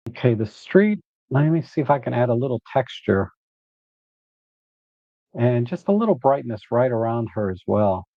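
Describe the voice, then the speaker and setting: Man, live photo editing walkthrough, relaxed think-aloud, dull lo-fi sound, dry. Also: medium pitch, normal speed, no room sound.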